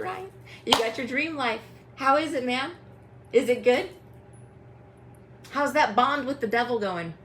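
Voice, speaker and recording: Young woman, livestream host, furious rant, swearing, mocking, slightly high voice. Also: expressive, unhurried, long pauses, fairly bright tone, a little hiss or hum, poor audio. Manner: angry, profane, mocking, addresses people directly. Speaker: tarot reader hosting a livestream.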